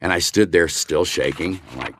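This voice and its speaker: A man's voice: low voice, normal speed, slight background noise. An older man, a voice actor, telling an anecdote in a casual interview and acting out the lines he quotes. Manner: animated, acts out quoted dialogue. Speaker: voice actor guest.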